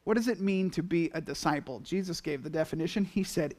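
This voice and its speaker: A man preaching a sermon to his congregation in a conversational, animated way, acting out little asides and quoted reactions. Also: a little high, brisk, hardly any pauses. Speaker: pastor.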